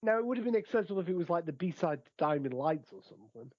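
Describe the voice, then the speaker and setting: A man's voice: a little high, lively intonation, quick pace, no echo. A man co-hosting a podcast in casual chat, playful and chuckling. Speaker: podcast co-host. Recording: dry, lo-fi podcast audio.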